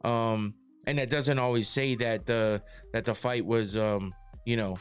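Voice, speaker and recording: A man's voice: medium pitch, steady tone, a little slow, smooth, soft background music. A man hosting a casual podcast, rambling through his points with lots of fillers, restarts and swearing. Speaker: podcast host reading live chat.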